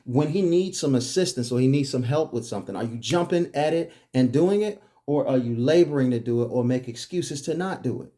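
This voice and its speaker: A man's voice: mid-range voice, expressive, a little fast, few pauses, dark tone. A man delivering a preachy monologue, firing off emphatic, repetitive rhetorical questions. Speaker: commentary host.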